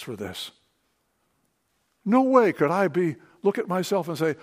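Lively, fervent male preacher. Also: sits high, a little slow, pauses often. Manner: fervent, swings from hushed to emphatic. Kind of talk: sermon. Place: church meeting.

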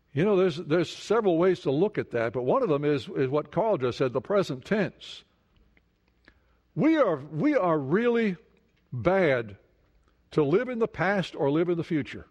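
A man's voice: a little high, very animated, unhurried, a little mellow. A man preaching a sermon, asking the congregation questions and repeating words for emphasis. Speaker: pastor. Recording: long hall reverb.

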